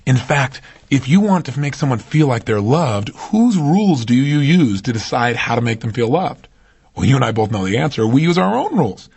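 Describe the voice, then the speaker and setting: A man giving a motivational seminar talk, animated and full of rhetorical questions to his audience. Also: medium pitch, normal speed, creaky, slightly rough. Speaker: motivational speaker.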